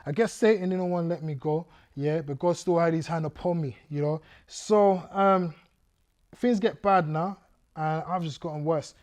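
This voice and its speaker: A man with a slightly high, a little mellow voice speaks at normal speed in a steady tone. As a guest speaker giving his testimony to a youth audience, he tells his life story vividly, acting out scenes and drawing listeners in.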